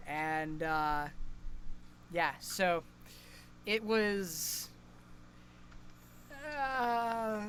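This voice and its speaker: Bright-voiced young man, rambling. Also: sits high, steady tone, extremely slow, pauses often, slight background noise. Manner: rambling, hesitant, many fillers and restarts. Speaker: podcast co-host. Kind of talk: casual chat.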